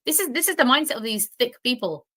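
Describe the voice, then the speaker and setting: A young British woman giving heated, scornful reaction commentary, indignant and quick to insult. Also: fairly high pitch, animated, bright, forceful tone. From United Kingdom.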